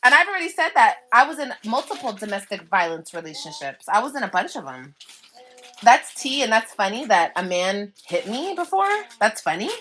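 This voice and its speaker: A woman's voice: on the high side, big pitch swings, moderate pace, fairly bright tone, a little hiss or hum. Sassy, foul-mouthed woman venting to viewers. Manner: sassy, profane, mocking. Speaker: livestreamer. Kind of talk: venting to viewers, played clip. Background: child whining.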